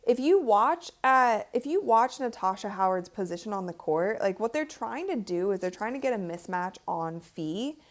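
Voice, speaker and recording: A woman hosting a live game watch party, chatting with viewers and reacting out loud to each play. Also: medium pitch, lively intonation, normal speed, hardly any pauses. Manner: talks to chat viewers. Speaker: livestream host.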